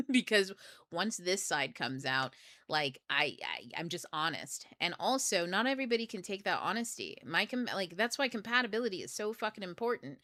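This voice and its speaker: Middle-aged woman, casual blunt host who curses and laughs a lot; bright, edgy tone, dry recording. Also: fairly low pitch, expressive, moderate pace, no echo. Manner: blunt, profane, laughs often. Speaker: book club host. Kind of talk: casual livestream talk.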